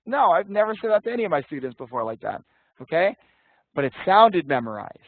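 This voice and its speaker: A man's voice: on the high side, big pitch swings, a little fast, dry recording. A man teaching an interview prep class online, talking casually and bluntly, swearing now and then and calling on students by name. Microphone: video call. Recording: tinny dry call audio.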